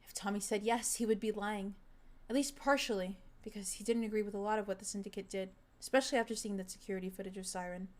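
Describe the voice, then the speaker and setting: A woman reads a story aloud at a mid pitch. Her narration is steady and earnest. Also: fast talker. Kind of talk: reading fan fiction aloud.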